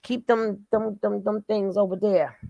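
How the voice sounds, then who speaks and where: An older woman hosting her own channel, chatting casually with loud, animated bursts. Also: medium pitch, unhurried, creaky, dry recording, dull audio. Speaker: channel host. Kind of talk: casual commentary chat.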